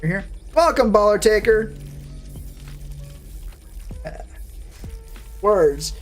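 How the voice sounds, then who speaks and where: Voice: medium pitch, expressive, extremely slow, faint music behind. Sardonic, foul-mouthed streamer chatting. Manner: sardonic, profane, rambling. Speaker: VTuber streamer. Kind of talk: casual live-stream chat, answering chat.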